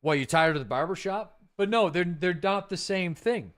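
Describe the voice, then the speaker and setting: Streaming a game live, this man keeps up easy conversation with viewers and calls out subscribers by name to thank them. He has a high voice at a normal speed, with a laid-back, chatty manner peppered with fillers and side comments to chat.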